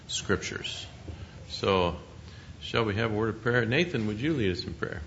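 A man leading a Bible study, explaining scripture in a measured, teaching manner. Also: lowish voice, lively intonation, fairly bright tone. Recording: muffled lo-fi recording.

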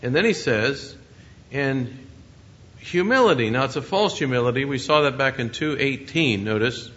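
A man's voice: mid-range voice, a little fast, a bit bright, muffled recording. A man preaching a sermon in an earnest, conversational way, often asking his listeners questions.

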